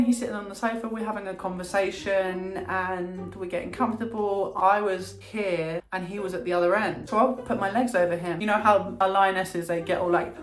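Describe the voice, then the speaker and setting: A woman's voice: mid-range voice, fairly quick, few pauses. Brash woman telling a story. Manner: animated, brash, acts out quotes. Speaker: vlogger. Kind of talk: storytime vlog. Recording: echoey room with background music.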